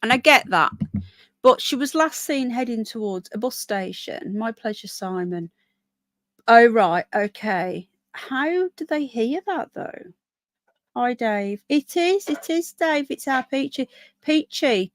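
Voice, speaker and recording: A hoarse woman live-streaming outdoors in a small town, chatting with viewers and reading news aloud. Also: a little high, fairly bright tone, no room sound. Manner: chatty, reads out viewer comments and news text. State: hoarse, voice keeps going. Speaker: livestreamer.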